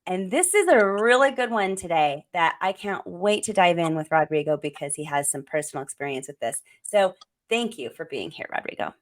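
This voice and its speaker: A woman's voice: lowish voice, lively intonation, normal speed, slight background noise. Reflective middle-aged woman hosting a parenting talk. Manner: reflective, thinking aloud. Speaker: parenting show host. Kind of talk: conversational podcast talk.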